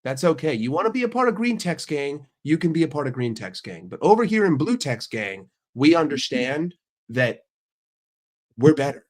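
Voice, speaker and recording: A brash young man from the United States rants casually, swearing freely and jumping between topics. His voice sits somewhat high. His delivery swings from quick, punchy bursts to slow, mocking asides. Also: very animated. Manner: ranting, heavy swearing, brash. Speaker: streamer and channel host. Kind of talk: casual profane rant.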